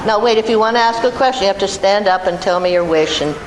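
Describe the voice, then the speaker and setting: Older woman, guest storyteller at a live event. Chatty and self-amused. Echoey room, loud noise. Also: mid-range voice, fast talker. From Iowa, USA. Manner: chatty, self-amused anecdotes with frequent laughs. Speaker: guest actress at a film event. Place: large hall before an audience.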